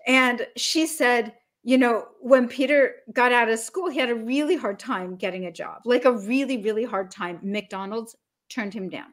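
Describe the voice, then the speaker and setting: A woman business coach talking as a podcast guest, energetic and emphatic, acting out little scenes as she explains. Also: on the high side, normal speed.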